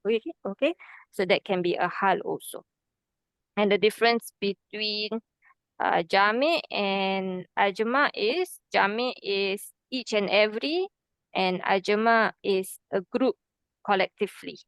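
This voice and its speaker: A woman's voice: mid-range voice, unhurried, fairly bright tone, no echo. A woman, teaching an Arabic grammar class patiently, step by step, with frequent "okay"s. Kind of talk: online class explanation.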